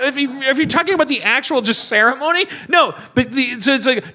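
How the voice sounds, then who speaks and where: A man in his forties, a podcast host, delivering a profane, animated comedic movie rant with bursts of mock-outraged shouting. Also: very high-pitched, brisk. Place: live stage show before an audience.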